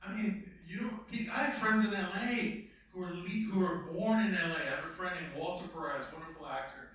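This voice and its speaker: A man's voice: high-pitched, a little fast, a bit bright. A man, an actor, telling stories in an emphatic, blunt way with some swearing, as a guest at a filmmaker workshop. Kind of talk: animated storytelling in conversation. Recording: very echoey room, distant mic.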